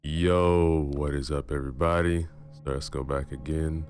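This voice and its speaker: A man hosting a channel who narrates a first-person horror story in a dramatic, measured way. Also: a bass voice, fairly even intonation, darkish tone. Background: music.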